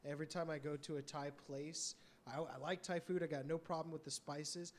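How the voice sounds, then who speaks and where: A man's voice: on the high side, level tone, fairly quick, a little hiss or hum. A man co-hosting a podcast, asking questions and laughing along in casual chat. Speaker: podcast co-host.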